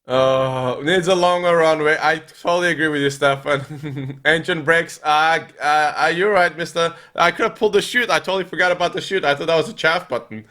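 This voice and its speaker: A young man streaming a flight game, chatting with viewers and thinking aloud with lots of fillers, now and then breaking into excited yells. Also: fairly high pitch, a little fast, few pauses. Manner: reads and answers viewer chat while playing. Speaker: gaming streamer. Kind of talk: live gameplay commentary.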